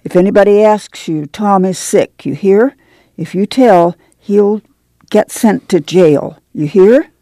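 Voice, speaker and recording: A woman's voice: mid-range voice, slow, warm tone, no echo, lightly acted. A woman voicing a protective older farm mother with a drawl, firm and commanding.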